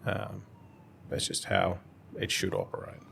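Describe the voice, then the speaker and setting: A man, a guest accountant speaking in a measured, reflective way as he gives advice in casual conversation. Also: deep voice, gravelly, fairly bright tone, slight background noise.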